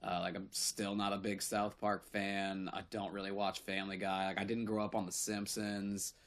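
A man's voice: on the low side, level tone, normal speed, fairly bright tone. A young man co-hosting a podcast in casual chat, laid-back with lots of "like" and fillers. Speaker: podcast co-host.

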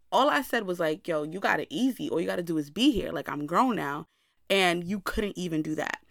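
Candid young woman with a bright, forceful voice. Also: lowish voice, vocal fry, dry recording, clean studio sound. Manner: candid, talks straight to listeners. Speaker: podcast host. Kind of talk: personal storytelling monologue.

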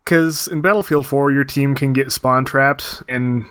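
A man sharing a gaming story on a casual podcast, with a bright, forward voice. The recording is dry and close, with no room sound. He explains things steadily and plainly. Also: medium pitch, unhurried, clear, resonant tone, dry recording. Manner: relaxed, explanatory, brief restarts.

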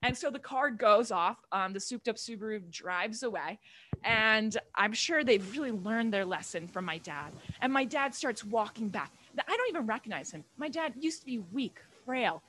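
A woman's voice: fairly high pitch, expressive, moderate pace, sharp tone, slight background noise. A young woman doing stand-up comedy in a small club, telling a rambling, profane story with lots of asides.

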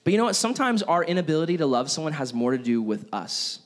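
A man's voice: a little high, fast. A young man preaching a casual sermon to a youth group, acting out voices from everyday stories. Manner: casual, animated, acts out quoted voices. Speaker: youth pastor.

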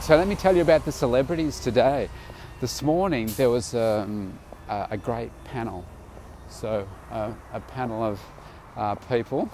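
A man's voice: mid-range voice, normal speed, noisy background. A tired man casually recording an audio diary outdoors, rambling loosely with many fillers and restarts. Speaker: vlogger.

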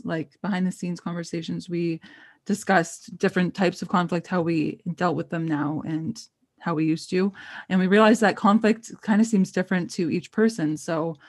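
A woman's voice: lowish voice, no echo, studio quality. A young woman co-hosting a casual podcast chat, encouraging and chatty with lots of fillers. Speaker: podcast co-host.

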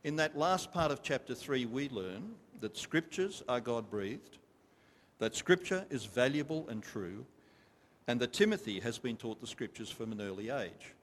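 A man's voice: medium pitch, lively intonation, unhurried. A man preaching a sermon to a congregation, emphatic and repetitive, stopping to ask them questions. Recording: long reverb of a large hall.

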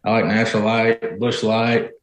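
A man's voice: lowish voice, level tone, normal speed, echoey room, poor audio. A man talking in a folksy, casual way, swearing as he tells stories. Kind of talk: casual chat.

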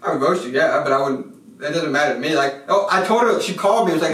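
A man's voice: on the high side, animated, quick pace, fairly bright tone. A man, the hosts' manager, chatting as a guest in a laid-back, wry, self-mocking way. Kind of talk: casual chat. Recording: echoey room, mic at a distance.

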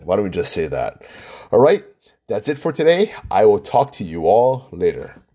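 A man's voice: on the low side, big pitch swings, moderate pace, dark tone, slightly rough. A man hosting his own podcast, arguing emphatically and repeating himself, with rambling fillers. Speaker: podcast host. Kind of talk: solo sports podcast rant.

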